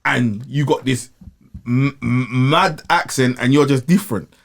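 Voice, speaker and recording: A man co-hosting a podcast, talking in animated, repetitive slangy banter. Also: mid-range voice, a little slow, creaky. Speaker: co-host. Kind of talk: casual podcast chat.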